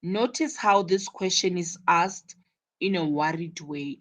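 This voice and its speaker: A woman teaching an English lesson, slowly spelling out words and acting out example phrases. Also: lowish voice, poor audio. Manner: slow, repeats and spells out words; acts out examples with bursts of energy. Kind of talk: live online English lesson.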